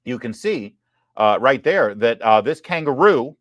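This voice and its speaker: A man hosting a live online commentary show, talking in an animated, joking way. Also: medium pitch, unhurried, no echo, studio quality. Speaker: host.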